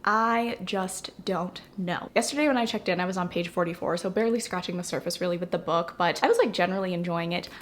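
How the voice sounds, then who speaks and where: A young adult woman chatting casually at home in a reading vlog, gushing excitedly about new books with lots of fillers. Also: on the low side, quick pace, few pauses, slight background noise. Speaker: book vlogger. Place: room at home.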